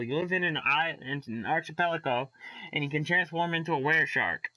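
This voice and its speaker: Bright-voiced, excitable man gaming. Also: on the high side, a little fast, no room sound, low-quality recording. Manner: profane, excitable, rambling; reads aloud from a magazine. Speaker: let's play host. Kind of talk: casual gameplay commentary.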